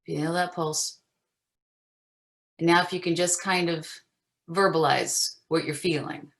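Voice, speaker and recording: A woman teaching an acting master class over a video call, chatty and animated with frequent fillers. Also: deep voice, a little slow, gravelly, long pauses.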